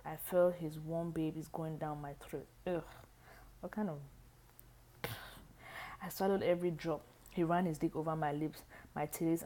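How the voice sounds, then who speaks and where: A woman reading a book aloud, halting and often restarting lines. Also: deep voice, warm tone, slight background noise. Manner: halting, frequent restarts and stumbles. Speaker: reader.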